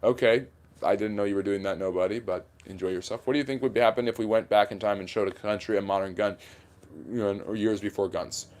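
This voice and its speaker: A fast-talking man with a lowish voice, hosting a casual livestream Q&A. He answers viewer questions with blunt, offhand opinions. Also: steady tone, a little mellow. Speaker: history livestream host. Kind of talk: livestream Q&A chat.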